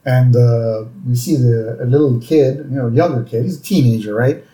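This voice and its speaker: A man's voice: medium pitch, normal speed, warm tone. Rambling man in an echoey room. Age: adult parent. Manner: loose, rambling retelling with many fillers. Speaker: podcast co-host. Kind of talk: casual chat recapping a cartoon episode. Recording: roomy echo.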